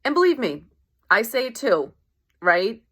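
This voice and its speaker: A woman's voice: on the high side, sing-song, unhurried, fairly bright tone, husky. A woman life coach talking in a casual motivational monologue, conversational, often checking in with "right?" and acting out everyday exchanges. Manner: conversational, acts out quoted voices, keeps asking "right?".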